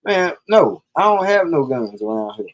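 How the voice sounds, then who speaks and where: A man's voice: a little high, moderate pace, lo-fi sound. A man telling a personal story in casual, profane talk on a live stream, acting out the lines of the people in it. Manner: profane, animated, acts out quoted dialogue.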